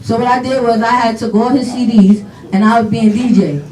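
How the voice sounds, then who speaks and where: A woman's voice: on the high side, a little fast. New woman telling funny stories at a funeral, lots of quoting, echoey room, mic far away. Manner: animated, laughing storytelling with quoted dialogue. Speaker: daughter giving a eulogy. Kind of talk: storytelling eulogy at a funeral. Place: funeral home chapel. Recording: echoey hall, voice from far off, faint noise.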